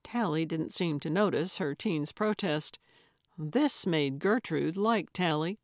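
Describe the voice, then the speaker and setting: A woman narrating a cozy mystery audiobook in a measured, unhurried reading. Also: low-pitched, dry recording, clean studio sound. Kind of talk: scripted narration.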